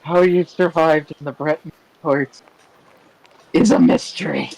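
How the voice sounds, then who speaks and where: A man's voice: fairly high pitch, big pitch swings, unhurried, darkish tone, poor audio. A man voicing a stern, prim noblewoman in a tabletop role-play, speaking in a reproachful manner. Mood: disapproving. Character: stern, proper adult noblewoman.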